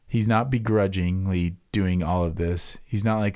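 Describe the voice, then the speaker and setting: A man's voice: low voice, fairly even intonation, slow, a little mellow, no echo, studio quality. A man co-hosting a church podcast, talking earnestly with frequent fillers and restarts. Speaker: pastor co-host.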